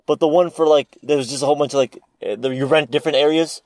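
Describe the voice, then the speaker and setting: A man's voice: on the high side, steady tone, quick pace, a little mellow, no echo. A young man in casual chat with friends, rambling with lots of restarts and fillers.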